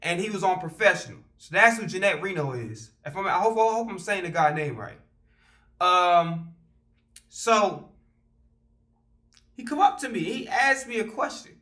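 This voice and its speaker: A man telling a casual storytime vlog, animated and profane, rambling with fillers and restarts. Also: high voice, normal speed, pauses often.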